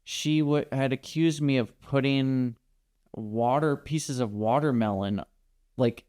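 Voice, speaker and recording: A man's voice: mid-range voice, slow pace, a little mellow, clear, resonant tone. A man co-hosting a podcast, sharing an anecdote in casual conversational storytelling. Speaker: podcast co-host.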